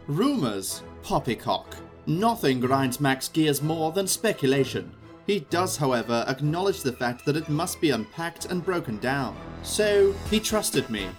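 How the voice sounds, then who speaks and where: Put-on prim British male announcer, polished and animated, with music underneath. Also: mid-range voice, unhurried. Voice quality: proper, polished delivery. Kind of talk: scripted segment intro. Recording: voice over clear music bed.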